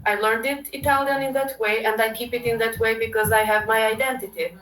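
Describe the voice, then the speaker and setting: A woman with an Albanian accent teaches a language lesson, repeating each word patiently for her student to copy. Her voice is bright and fairly high. The room around her sounds echoey. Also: fairly even intonation, brisk, far from the mic, soft background music.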